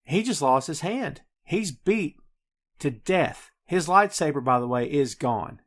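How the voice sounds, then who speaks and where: Guy hosting a movie podcast, gets really animated, talks to the folks at home. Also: on the high side, a little slow. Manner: animated, addresses listeners as folks and kids. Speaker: podcast host. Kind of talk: casual movie review chat.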